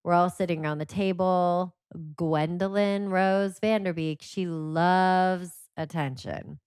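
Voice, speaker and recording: A woman guest on a podcast who talks in a casual, animated way, telling stories full of "like" fillers. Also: fairly low pitch, takes it slowly, smooth, dry recording, studio quality. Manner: animated storyteller, many "like" fillers. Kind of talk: casual conversation.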